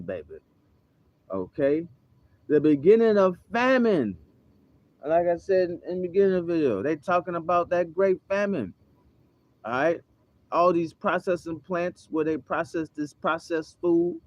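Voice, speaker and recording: Male preacher, deliberate and emphatic, slow, dry and a bit muffled. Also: high voice, a little mellow, no room sound. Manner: emphatic, frequent "okay?" and "all right?" checks. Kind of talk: religious teaching. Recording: slightly dull, dry sound.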